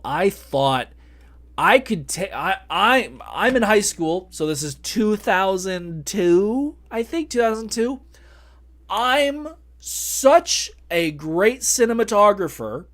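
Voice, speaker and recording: A man's voice: sits high, a bit bright. Self-mocking man rambling on a podcast. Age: late 30s. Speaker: podcast host. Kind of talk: casual podcast chat.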